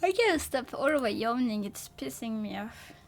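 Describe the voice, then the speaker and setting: High-voiced sleepy woman streamer, slow-spoken. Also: fairly even intonation, vocal fry. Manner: silly, playful, rambling with nonsense rhymes; counting dumbbell lifts aloud. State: sleepy, yawning. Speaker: vtuber streamer. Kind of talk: casual late-night livestream chat.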